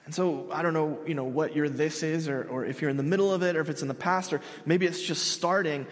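A young man in his twenties preaching a sermon, earnest and halting, with frequent restarts. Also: fairly high pitch, fairly even intonation, in a large hall. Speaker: pastor.

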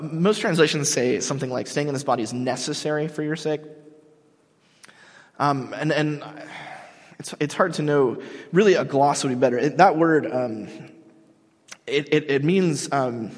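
Husky-voiced man preaching in an echoey hall. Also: on the high side, moderate pace. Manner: animated, emphatic preaching with frequent restarts. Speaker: pastor. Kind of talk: sermon.

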